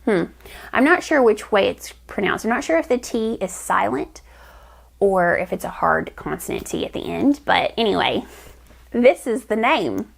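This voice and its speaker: A woman's voice: mid-range voice, big pitch swings, normal speed, vocal fry. A woman hosting a crafting vlog, chatting enthusiastically to camera with rambling restarts. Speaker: knitting vlog host. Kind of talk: casual chat to camera.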